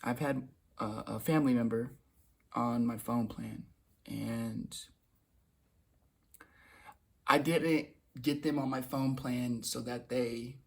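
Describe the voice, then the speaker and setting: A man's voice: mid-range voice, fairly even intonation, unhurried, gravelly, a little mellow, husky. A young man telling a casual, rambling story in a vlog, restarting and repeating words and swearing now and then. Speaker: vlogger.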